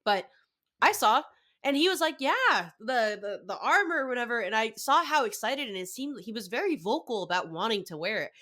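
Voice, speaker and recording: A young woman telling a story in a casual podcast chat, excitable and acting out her own reactions. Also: on the high side, fairly quick. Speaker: podcast guest.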